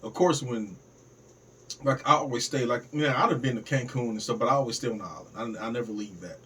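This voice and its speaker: A man's voice: medium pitch, a little fast, bright, forceful tone, husky. A man talking loosely on a podcast, rambling and hesitant, with many fillers. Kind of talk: casual podcast chat. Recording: distant mic with faint room noise.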